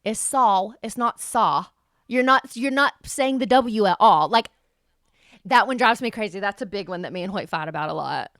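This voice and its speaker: A woman in her thirties from the Southern US, her accent softened, speaking emphatically and with strong opinions as podcast co-host. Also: medium pitch, animated, fairly quick, dry recording, studio quality. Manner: emphatic, opinionated, spells words out. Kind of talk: casual chat.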